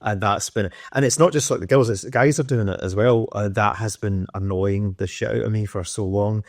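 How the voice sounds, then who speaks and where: A man's voice: on the low side, fairly even intonation, fairly quick, dry recording, studio quality. A man in his thirties hosting a podcast, ranting in casual, sweary, opinionated chat. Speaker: podcast host.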